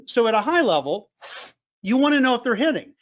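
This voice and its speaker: A man with a high voice runs a business training session, hammering home his points and often stopping to add "okay?" The audio is muffled and lo-fi, like a recorded webinar. His delivery stays lively and emphatic throughout. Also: normal speed. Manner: emphatic, repeats key points, frequent fillers. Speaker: government contracting trainer.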